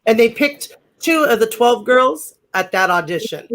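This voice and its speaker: Deep-voiced middle-aged woman, interview guest, chatty rambling storyteller, lots of ums and restarts. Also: expressive, a little slow, a bit bright. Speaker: guest, former pro wrestler. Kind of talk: casual interview chat.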